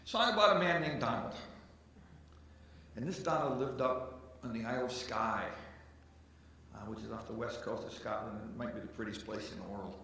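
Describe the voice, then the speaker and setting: A man's voice: mid-range voice, normal speed, gravelly, pushed and bright, far from the mic, a little hiss or hum. A man, a folk musician, telling stories between songs at a live concert and joking with the audience. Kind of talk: on-stage storytelling between songs. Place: arts center stage, live concert. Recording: echoey hall, mic from afar. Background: guitar music.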